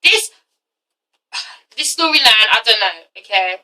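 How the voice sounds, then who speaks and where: A woman's voice: on the high side, expressive, takes it slowly, bright, forceful tone, recorded from a distance, low-quality recording. A young woman reviewing a TV show, blunt and profane with exasperated asides. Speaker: TV review vlogger. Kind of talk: casual ranting review.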